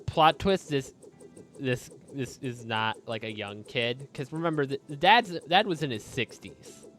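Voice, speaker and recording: A man's voice: medium pitch, lively intonation, a little slow, a bit bright, soft background music. A man hosting a co-op game playthrough, chatting casually with lots of restarts. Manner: rambling, full of restarts. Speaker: let's play host. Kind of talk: casual gaming commentary.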